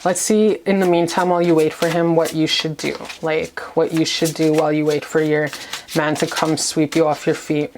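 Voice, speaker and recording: Female tarot reader, slightly low voice, effusive and profane, chatty check-ins. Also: flat delivery, moderate pace, noisy background. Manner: gushing, profane and playful, lots of "okay?". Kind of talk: casual tarot reading to camera.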